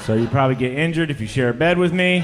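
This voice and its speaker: A male stand-up comedian works a club stage through a stage microphone. His voice sits at an ordinary middle pitch while he rattles off crude, self-mocking confessions and fires blunt questions at the crowd. A faint hiss runs beneath the recording. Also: animated, very fast. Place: comedy club stage before a laughing audience.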